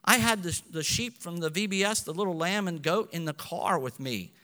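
Pastor, male, high and bright voice, lively sermon that swings from loud to hushed, in a hall with long reverb. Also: moderate pace.

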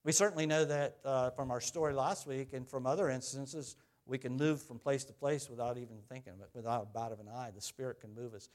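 A middle-aged man preaching a sermon as pastor, talking in a conversational way, asking the congregation questions and swinging from loud to quiet. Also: medium pitch, steady tone, a little fast, hardly any pauses.

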